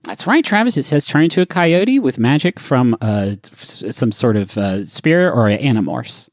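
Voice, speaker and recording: A man co-hosting a comedy podcast, reading out questions and riffing on them in casual banter with animated, swooping delivery. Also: mid-range voice, normal speed, no echo, studio quality.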